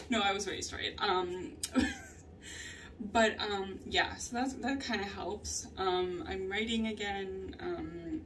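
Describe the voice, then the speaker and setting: A woman's voice: medium pitch, very animated, takes it slowly, fairly bright tone. Young woman vlogging, cusses a lot, laughs at herself, mic kinda far, bit of background hum. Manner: candid, swears often, laughs through stories. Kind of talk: casual confessional vlog. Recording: distant mic with faint ambient noise.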